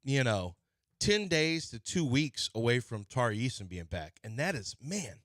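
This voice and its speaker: A man hosting a sports radio show, talking in an animated, playfully argumentative way. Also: medium pitch, moderate pace, no room sound, studio quality. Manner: animated, playfully argumentative, jumps between topics. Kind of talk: casual sports talk banter. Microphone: studio mic.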